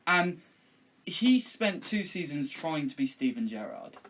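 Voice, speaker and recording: A man's voice: a little high, sing-song, measured pace, a bit bright, a little hiss or hum. A man hosting a casual football podcast, talking passionately and emphatically with some swearing. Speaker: podcast host.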